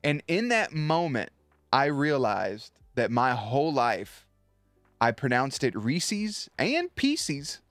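A man's voice: medium pitch, sing-song, slow pace, fairly bright tone, dry recording, faint music behind. A man streaming live, chatting loosely and swearing as he tells a story to his viewers, with many restarts.

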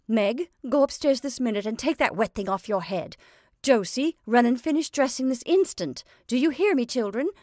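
A woman's voice: fairly high pitch, expressive, normal speed, a little mellow, no room sound, studio quality, pitched above the performer's own voice, close to an everyday voice. A woman reading a story aloud, voicing a fussy, scatterbrained middle-aged mother giving orders. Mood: bossy, flustered. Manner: scatterbrained, bossy, dreamy.

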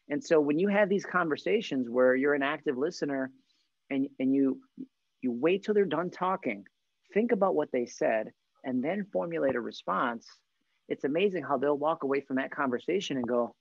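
A man's voice: on the high side, lively intonation, normal speed, gravelly, no room sound, muffled recording. A man, a real estate trainer, talking in a casual upbeat way and joking as he acts out small talk. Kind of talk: casual podcast chat.

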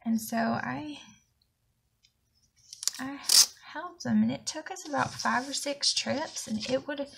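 A woman's voice: sits high, slow, creaky, long pauses, heavy background noise. A woman with a Southern US accent telling a long indignant story in a chatty vlog, slightly out of breath. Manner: chatty, indignant rambling anecdote. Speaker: planner vlogger.

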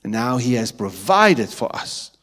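A man with a South African Afrikaans-tinged accent preaching a sermon in church, swinging from hushed asides to loud emphatic lines and often asking if the congregation is with him. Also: mid-range voice, sing-song, unhurried. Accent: South African English, Afrikaans-influenced. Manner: keeps checking in with the congregation. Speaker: pastor.

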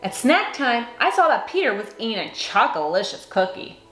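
Woman reading a kids book aloud, lively sing-song voice, echoey room, faint music behind. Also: on the high side, normal speed. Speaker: children's book reader. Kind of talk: read-aloud storytelling.

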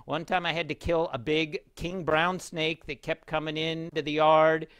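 A man in a relaxed casual chat, easygoing and quick to laugh. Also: on the high side, clear, resonant tone, dry recording.

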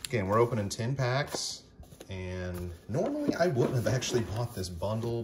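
A man casually talking through a card box opening, rambling with many fillers and self-corrections. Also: low-pitched. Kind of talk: casual unboxing vlog. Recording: noisy with packaging crinkle. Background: crinkling packaging and clicks.

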